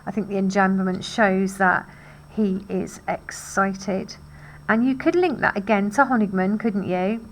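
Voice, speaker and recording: A woman teacher walks through a scene of a play, speaking in an explanatory, conversational way at an ordinary middle pitch. She sounds thoughtful, with a faint hum of room noise behind her. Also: rough recording. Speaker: English literature teacher. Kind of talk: literature lesson.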